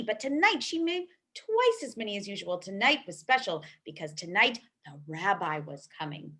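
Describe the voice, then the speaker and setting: A woman cantor reading a bedtime story aloud for young children in a lively, expressive way. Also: medium pitch, normal speed.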